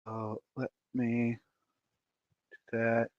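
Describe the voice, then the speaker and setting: A man hosting a casual livestream chat, playful and animated, tired and a bit congested, talking on a close desk mic. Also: mid-range voice, a little slow, dry recording, dull audio. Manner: animated, playful, breaks into laughs and silly voices. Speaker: livestream host.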